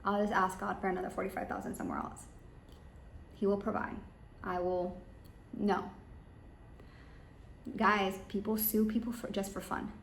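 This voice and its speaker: A woman giving rambling, emphatic business advice straight to her listeners. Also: mid-range voice. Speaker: business coach. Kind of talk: advice monologue. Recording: echoey room with faint ambient noise.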